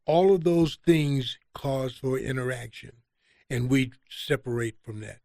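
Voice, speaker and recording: A man's voice: mid-range voice, unhurried, gravelly, dark tone, no echo, studio quality. A man, a podcast guest, talking conversationally and acting out quoted exchanges in a raised voice. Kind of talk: conversational storytelling.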